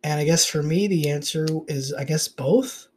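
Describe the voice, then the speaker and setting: This podcast host's voice is a bit high and slightly rough, and he speaks at a moderate pace. Recording alone on his iPhone, he rambles in a confessional, casual way, cursing often.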